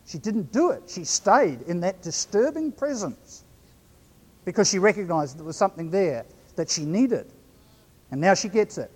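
A man with a New Zealand accent preaching a sermon, measured, slowing right down to stress key phrases. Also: high-pitched, very animated, breathy edge, big-room sound. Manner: measured, slows right down for emphasis.

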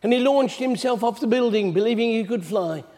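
Here a man with a very high-pitched voice delivers a sermon a little fast, telling scripture stories in a chatty, storyteller style. The retelling is animated and conversational, and a long hall reverb surrounds the sound.

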